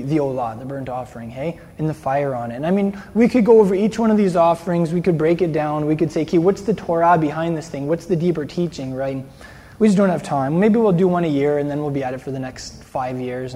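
A man's voice: a little high, warm tone. A man preaching a sermon in a conversational way, often ending lines with "eh?" or "right?". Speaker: pastor. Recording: long hall reverb.

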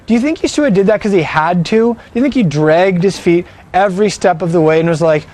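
A man's voice: high voice, a little fast, hardly any pauses, darkish tone. A man preaching a sermon, emphatic and fond of rhetorical questions.

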